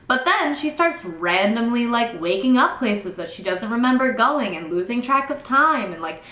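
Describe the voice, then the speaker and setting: A young woman recapping a novel in casual, sarcastic, exasperated chat, acting out the characters in quick asides. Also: on the high side, pushed and bright. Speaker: book reviewer. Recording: echoey room.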